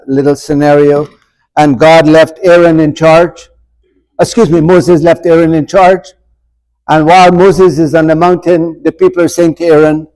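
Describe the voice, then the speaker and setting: A man's voice: high-pitched, darkish tone, poor audio. A man leading an informal church adult forum, asking the group questions and acting out scripture dialogue with humor. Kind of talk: informal Bible class teaching. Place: church room.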